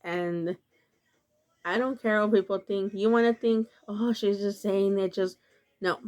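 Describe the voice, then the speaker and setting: Slow, earnest woman vlogger. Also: mid-range voice, fairly even intonation, darkish tone. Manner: slow, earnest and confessional, many filler "like"s. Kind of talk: casual storytelling to camera.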